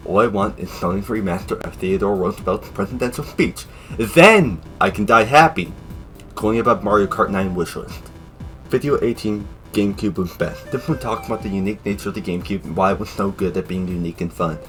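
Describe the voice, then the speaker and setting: A man's voice: sits low, fast talker, faint music behind. A man narrating a casual video review in an offhand, sarcastic way, dropping joking asides. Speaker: YouTube reviewer.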